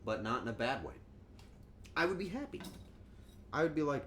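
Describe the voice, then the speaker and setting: A man's voice: mid-range voice, big pitch swings, normal speed, long pauses, fairly bright tone, slight background noise. A man chatting casually on a cooking stream, joking and rambling, and acting out quotes in goofy voices.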